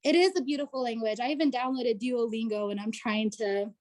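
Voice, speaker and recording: A woman's voice: on the high side, fairly even intonation, a little fast, darkish tone. A woman guest telling a personal story on a video call, chatty and full of fillers. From United States. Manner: chatty, full of "like" and "you know". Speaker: interview guest.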